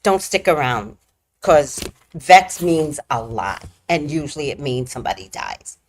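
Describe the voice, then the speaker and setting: A woman casually telling a personal story on her vlog, laughing often and swinging between squealing highs and hushed lows. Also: big pitch swings, a little slow, slight background noise. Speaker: vlogger.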